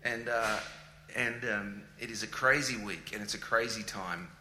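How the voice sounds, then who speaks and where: Aussie guy on stage, teasing and animated, echoey hall, faint hiss. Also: lowish voice, moderate pace. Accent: Australian. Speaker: guest speaker. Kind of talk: joking stage chat.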